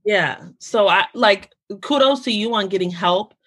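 A woman guest on a podcast, in casual, animated conversation, talking in quick bursts and restarting her sentences often. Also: mid-range voice, slightly rough. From United States. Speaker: podcast guest, founder of a mental health community.

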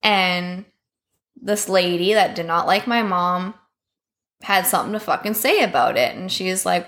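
A woman's voice: lowish voice, measured pace, fairly bright tone. A woman, a podcast guest telling a personal story in a candid, profane way, full of filler words. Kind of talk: casual storytelling.

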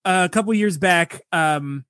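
A man's voice: high voice, a little slow, fairly bright tone, clear, resonant tone, dry recording, studio quality. A man on a movie podcast telling a rambling anecdote full of "like". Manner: rambling, many fillers like "like". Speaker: podcast co-host.

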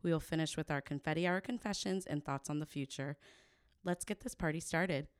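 Low-voiced woman podcast host. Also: fairly quick, smooth, dry recording, studio quality. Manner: warm, encouraging, laughs often. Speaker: podcast host, wedding planner. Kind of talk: podcast interview.

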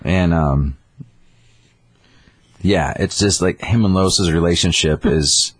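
A man with a very low, husky voice tells comic book scenes in casual chat. He acts out the characters as he goes. The sound is dry and close. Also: slow, no echo. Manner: animated storytelling, acting out characters. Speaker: comic book podcast co-host.

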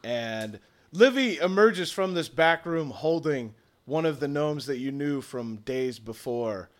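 Casting: game master, male, animated storyteller, slightly high voice. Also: takes it slowly. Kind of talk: narrating a tabletop game.

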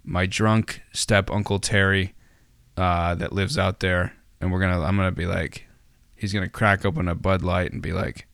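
A man's voice: low voice, flat delivery, normal speed, fairly bright tone, clean tone, dry recording, clean studio sound. A man hosting a casual podcast, rambling with many fillers and restarts and tossing in jokey asides. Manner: jokey, self-deprecating asides. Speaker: podcast host.

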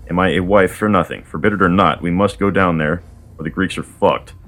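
A man's voice: low voice, fairly quick, fairly bright tone. A man reading the part of Hera, an impatient, indignant queen goddess, in a blunt, casual way. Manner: blunt and modern-sounding, swears casually.

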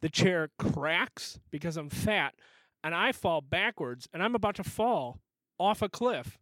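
A man hosting a casual podcast chat, a loud storyteller who laughs a lot and swears freely. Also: high voice, lively intonation, unhurried, dry recording, poor audio. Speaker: podcast host.

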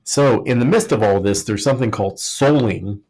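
With a medium-pitched, slightly mellow voice at a moderate pace, this podcast co-host meanders through a history subject with jokes. He leans heavily on "like" and keeps restarting his sentences.

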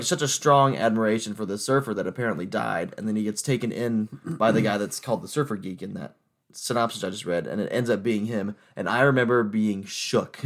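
A young man co-hosting a casual movie chat, laughing and joking about himself. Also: on the low side. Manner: laughing, self-conscious joking. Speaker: podcast co-host.

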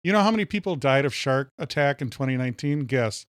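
A man's voice: medium pitch, lively intonation, quick pace, no echo, clean studio sound. A man from Minnesota co-hosting a casual podcast, ranting and joking in loose banter. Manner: ranting, jokey, says "powerful" often. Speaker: podcast co-host.

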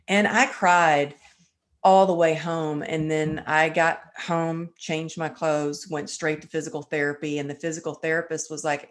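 Woman, interview guest, fairly low pitch, animated storytelling, emotional. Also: moderate pace. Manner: animated, emotional, acts out quoted dialogue. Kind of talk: personal storytelling.

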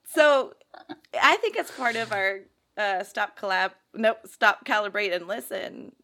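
A woman in her thirties co-hosting a casual chat, giggly and self-deprecating in quick banter. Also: medium pitch, lively intonation, bright, forceful tone, slight background noise. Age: 30s. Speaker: podcast co-host.

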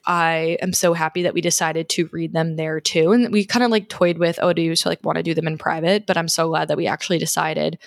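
A young woman in her twenties vlogging, telling a story in a chatty, excited way with lots of fillers. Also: lowish voice, gravelly, no room sound, studio quality. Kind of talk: casual storytelling.

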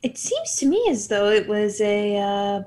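A woman's voice: medium pitch, sing-song, unhurried, dark tone. Wry woman podcast host. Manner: wry, mock-formal phrasing. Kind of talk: casual chat.

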